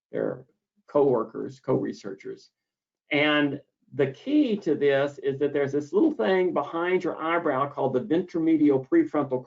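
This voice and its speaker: A man giving an explanatory lecture on a treatment, deliberate and repeating key words for emphasis. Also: medium pitch. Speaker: misophonia therapist explaining treatment. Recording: dull lo-fi audio.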